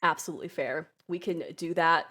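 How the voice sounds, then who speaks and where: A woman's voice: low-pitched, fairly even intonation, fairly quick, bright, forceful tone. A woman narrating a tabletop game as game master, giggling and laughing often.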